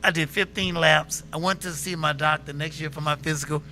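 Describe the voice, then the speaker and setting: This time his voice is on the high side, brisk and creaky, with faint music behind him. The local talk show host chats casually, bringing his stories to life by acting out the quotes of the people involved.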